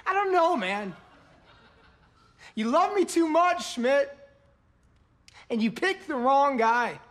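An actor playing an awkward, gruff young man who rambles and repeats himself while fumbling to show affection to a friend in a sitcom. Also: very high voice, animated, slow pace, fairly bright tone, heavily acted. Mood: exasperated rant. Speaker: sitcom character. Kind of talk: sitcom acting.

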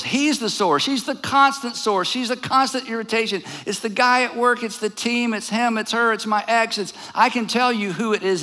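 Male pastor, middle-aged, animated sermon delivery, acts out quarrels; high, ringing tone. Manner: animated, acts out both sides of imagined arguments.

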